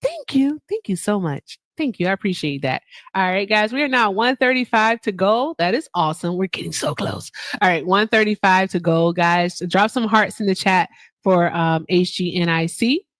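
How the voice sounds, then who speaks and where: A woman's voice: mid-range voice, normal speed, no echo. Chatty woman livestream host, dry sound. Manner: chatty, reads chat aloud with shout-outs. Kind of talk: casual live stream chat.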